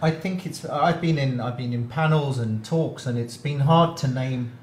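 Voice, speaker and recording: Male podcast co-host, halting delivery, dry sarcasm, roomy echo. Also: medium pitch, darkish tone. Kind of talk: casual chat. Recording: roomy echo, faint hiss.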